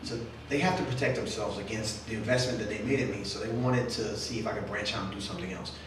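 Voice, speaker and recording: A man's voice: fairly low pitch, fast. A man, an author, talking casually with young readers and answering their questions, joking and acting out quoted voices. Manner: chatty, jokey, acts out quoted voices. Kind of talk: casual talk with audience Q&A. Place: event room at a literary center. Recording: very echoey room from far off, faint noise.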